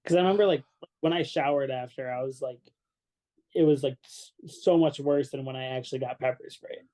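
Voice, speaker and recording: A man's voice: medium pitch, fairly quick, warm tone. A man who is a band's drummer, telling a story in casual chat with lots of "like" and frequent laughter. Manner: laughs often and fills speech with "like". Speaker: band drummer, guest.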